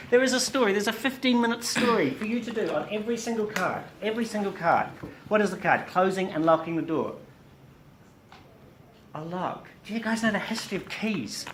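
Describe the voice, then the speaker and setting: A woman teaching a class, animated and demonstrative, quizzing her students as she explains. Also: medium pitch. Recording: echoey classroom, faint room noise.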